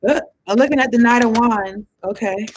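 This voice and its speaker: A woman's voice: on the high side, moderate pace, a little hiss or hum, low-quality recording. A woman giving a casual tarot reading. She rambles and thinks aloud in loose slang, with some swearing. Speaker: tarot card reader.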